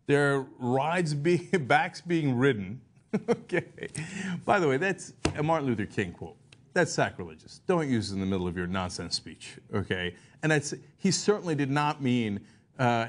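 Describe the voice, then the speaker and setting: A man's voice: mid-range voice, big pitch swings, moderate pace. A man hosting a satirical political commentary show, sarcastic and mocking, laughing at his own jokes.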